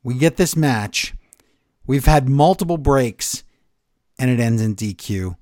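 A man co-hosting a wrestling podcast, recapping the week's shows with sarcasm and animated retellings. His pitch swings widely, rising and dropping through each line. The sound is close and dry. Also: slow, no echo. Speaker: podcast co-host. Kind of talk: casual wrestling recap chat.

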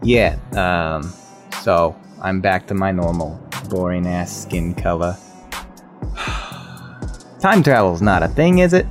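A man's voice: low-pitched, lively intonation, slow, pauses often, faint music behind. A man in a tabletop role-play, speaking in character as a brash, confused young musician, casual and profane. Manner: casual, profane, street slang. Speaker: player.

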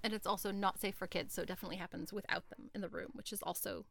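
Bright-voiced chatty woman. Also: medium pitch, fairly even intonation, very fast, vocal fry. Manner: chatty, reflective, frequent "like". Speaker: podcast co-host. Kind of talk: casual chat.

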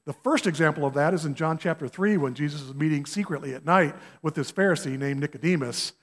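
Male guest preacher, slightly high voice, chatty and folksy, long hall echo. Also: fast. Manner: conversational, asks the congregation questions, folksy examples. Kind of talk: sermon. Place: church sanctuary.

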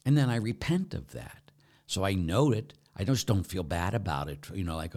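A man's voice: low voice, expressive, moderate pace, gravelly, a little mellow. A man, a Catholic priest and pastor, answering questions in an earnest, candid, conversational preaching style, sometimes dropping almost to a whisper for emphasis.

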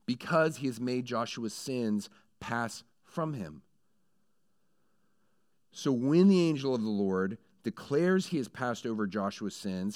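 A man preaching a sermon in a conversational way who builds into animated storytelling. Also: mid-range voice. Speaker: pastor.

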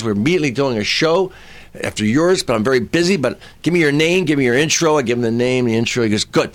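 A male comedian tells a story in easygoing chat. His voice sits at a middle pitch. He acts out the people in the story and raises his voice to a shout on some of their lines. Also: no room sound. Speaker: stand-up comedian.

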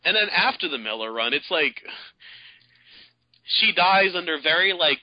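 A man on a podcast, chatting casually in an animated, rambling way with many fillers. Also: a little high, normal speed, dry recording. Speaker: podcast co-host. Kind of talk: casual chat. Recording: slightly dull lo-fi sound.

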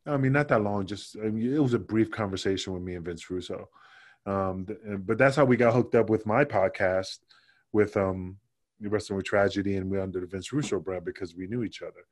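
A man telling stories as a guest on a podcast interview in a casual, animated way, acting out other people's lines in quoted voices. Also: lowish voice, a little fast.

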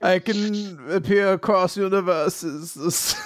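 A man voicing a big, lumpy male dog that speaks in a slow, formal, musing way, as a comedy podcast bit. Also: sits high, no room sound, studio quality. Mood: lofty musing.

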